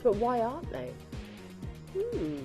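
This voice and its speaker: A woman's voice: a little high, takes it slowly, faint music behind. Gushing woman selling on live TV. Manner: excitable, gushing, urging viewers to buy. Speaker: shopping channel presenter. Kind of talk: live TV shopping sales patter.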